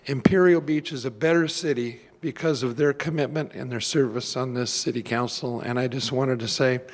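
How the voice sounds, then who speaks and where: A man's voice: medium pitch, steady tone, moderate pace. A man giving an earnest, plain-spoken thank-you speech to retiring city officials. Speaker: guest speaker. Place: council chamber. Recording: long reverb in a hall.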